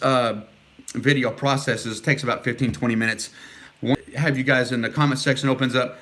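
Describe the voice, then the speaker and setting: A man's voice: medium pitch, a bit bright. Rambling middle-aged man vlogging. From Texas. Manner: rambling and earnest, with many fillers. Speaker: vlogger answering live comments. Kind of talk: casual livestream chat.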